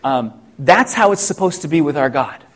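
A middle-aged pastor preaching a sermon, reflective and full of rhetorical questions, with frequent restarts. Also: male voice, on the high side, expressive, normal speed.

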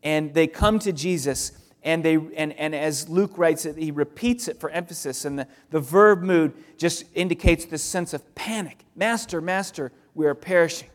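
Conversational pastor in a reverberant hall. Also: male voice, a little high, normal speed, hardly any pauses. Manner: conversational, repeats phrases for emphasis. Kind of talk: expository sermon. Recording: long reverb of a large hall.

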